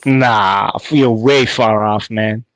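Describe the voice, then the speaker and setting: A man from Canada calling into a talk show, teasing and relaxed as he chats. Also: on the low side, slow, dry recording, low-quality recording. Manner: teasing, laid-back. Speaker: caller. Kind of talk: casual chat.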